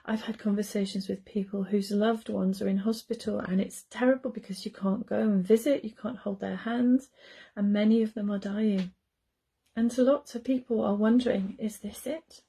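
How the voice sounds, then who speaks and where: A woman with an English accent gives a gentle, heartfelt Good Friday reflection. Her voice is husky and gravelly, with a mellow, slightly raised pitch. She speaks conversationally, like a minister talking to her congregation. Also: steady tone, moderate pace. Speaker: church minister.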